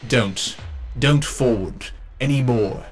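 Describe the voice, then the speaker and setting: A man voicing a pained, menacing mutated creature from a game, in a slow, low, dragging voice. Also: faint music behind. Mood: anguished.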